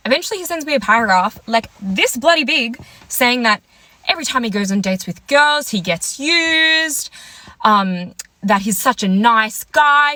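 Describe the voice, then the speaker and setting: Retelling a terrible date, a young woman vlogger speaks in a sharp-toned, mid-range voice with no echo. Her chatty, exasperated account plays out both parts of the exchange in quoted lines.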